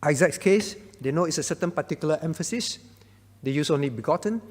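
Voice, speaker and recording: A man's voice: on the high side, expressive, quick pace, breathy edge, in a large hall. A man, a pastor, explaining a Bible question to a congregation, often checking in with "all right?". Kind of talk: Bible Q&A teaching.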